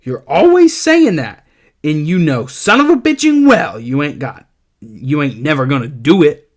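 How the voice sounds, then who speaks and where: A shrill, nagging old woman scolds in a high, squeaky voice, put on by a man reading a novel aloud. She delivers her reproaches slowly and drags out each word. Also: sing-song, heavily acted. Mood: scolding. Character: fat little old woman, scolding hallucination.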